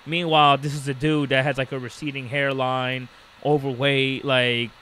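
This bright-voiced podcast co-host, medium in pitch and speaking at normal speed, tells a story in casual chat with a little hiss or hum in the audio. He's animated and acts out the quoted voices.

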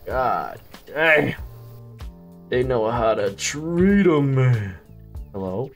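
A man talks over a game in loose, slangy banter, swearing freely and teasing the characters he meets. His voice swings up and down with plenty of life. Soft music plays faintly underneath. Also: medium pitch, sing-song, very slow. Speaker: gameplay commentator. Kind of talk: casual gameplay commentary.

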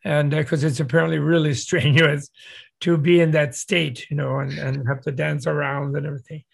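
Older man with a gravelly, husky voice. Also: a little high, flat delivery, moderate pace. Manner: digressive, with many restarts and chuckles. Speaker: guest speaker. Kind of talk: casual anecdotal storytelling.

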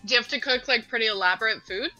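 An excitable, bubbly woman, a guest player, chatting and laughing over voice chat. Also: fairly high pitch, rapid-fire, dull audio, soft background music. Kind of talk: casual chat while gaming.

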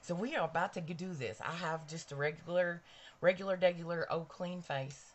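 A woman's voice: on the low side, moderate pace, slight background noise. A middle-aged woman chatting straight to her live-stream viewers at home while doing her makeup, gushing and chatty. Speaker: livestream host. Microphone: cabled mic near a ring light.

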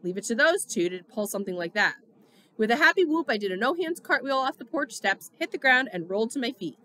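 A woman narrating a novel in the first person with steady storytelling. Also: fairly high pitch, brisk. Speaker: audiobook reader.

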